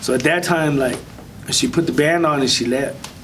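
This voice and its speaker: A man speaking as an interview guest, telling a personal testimony in a soft, halting way with many pauses. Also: on the high side, distant mic, a little hiss or hum, rough recording.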